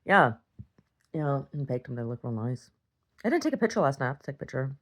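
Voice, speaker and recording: A woman's voice: extremely low pitch, big pitch swings, very fast, a little mellow. A woman talking casually in a video diary, chatty and self-interrupting, laughing often. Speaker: video diarist.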